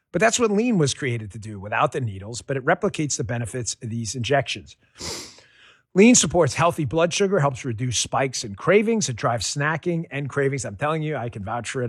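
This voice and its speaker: A man who hosts a radio show reads a sponsor endorsement in a chatty, emphatic way, with lively salesman energy. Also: medium pitch, no echo, studio quality. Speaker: radio host reading a sponsor ad. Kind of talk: host-read endorsement.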